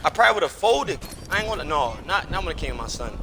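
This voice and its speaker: A man's voice: fairly high pitch, sing-song, fast talker, creaky, noisy background. A man streaming live, telling a personal story in casual chat while gaming, emphatic and repetitive, swearing oaths as he goes.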